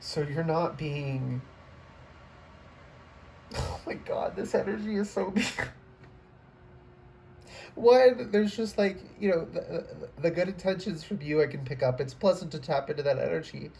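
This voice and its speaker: Mellow-voiced, rambling tarot reader. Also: mid-range voice, unhurried, gravelly, long pauses. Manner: rambling, trailing off and restarting, emotional. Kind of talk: casual spoken tarot reading to camera. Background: faint computer fan hum.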